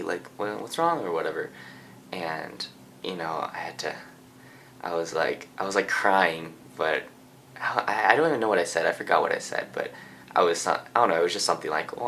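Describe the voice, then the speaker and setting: A man's voice: deep voice, slight background noise. A teenage man from Japan telling a personal story in a rambling, casual way indoors, full of fillers and restarts. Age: teens. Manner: rambling, lots of filler and restarts, soft-spoken. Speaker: vlogger.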